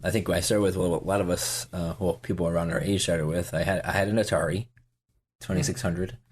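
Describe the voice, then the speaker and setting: A deep, husky voice with fairly even intonation moves along fairly quickly. It's a man in his forties guesting on a podcast, talking casually and meandering with many fillers and false starts in an easygoing interview.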